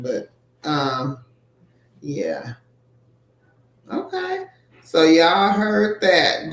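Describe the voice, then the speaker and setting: Woman on a live stream reading chat out loud, slow and easy, roomy echo, faint hiss behind. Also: deep voice. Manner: greets viewers by name and reads their comments aloud. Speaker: co-host reading viewer comments. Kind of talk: casual livestream chat.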